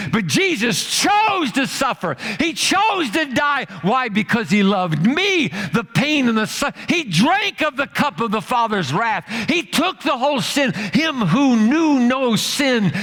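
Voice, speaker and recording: A pastor delivering a sermon in a high, ringing voice. He preaches emphatically, swinging between loud peaks and quiet, drawn-out lines. The sound carries a long church-hall reverb. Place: church sanctuary.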